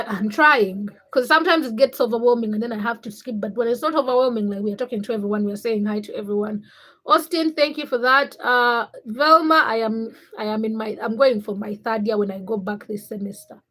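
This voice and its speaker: Woman in her twenties, from Africa, livestream host, casual chat, reads comments aloud, fairly high voice. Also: normal speed, a bit bright, poor audio. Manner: chatty, greets viewers by name.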